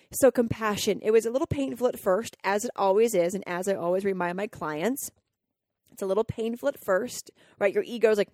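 A woman's voice: medium pitch, moderate pace, a little mellow, no room sound. Earnest woman podcast host, dry sound. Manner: earnest, emotional, reenacts inner dialogue. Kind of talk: reflective personal storytelling.

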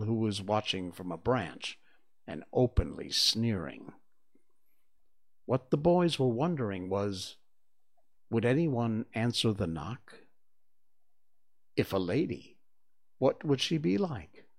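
A man reading a children's book aloud, taking his time over every sentence. His pitch rises and falls in a lively, expressive way. It has the measured, warm-hearted pacing of a regular read-aloud session. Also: gravelly. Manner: unhurried and expressive. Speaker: reader of a serialized book. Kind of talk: storybook read-aloud narration.

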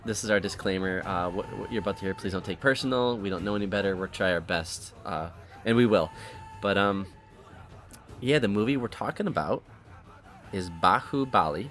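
Male podcast host, casual and rambling, fairly low voice. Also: expressive, fast, faint music behind. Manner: rambling, self-correcting. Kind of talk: casual chat.

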